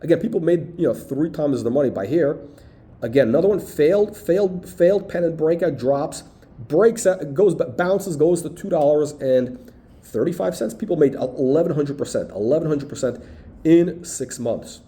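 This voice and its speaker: A man walking through stock charts, talking emphatically and punctuating points with "boom" and "okay". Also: normal speed, mellow. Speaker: stock market commentator. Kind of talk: chart walkthrough video.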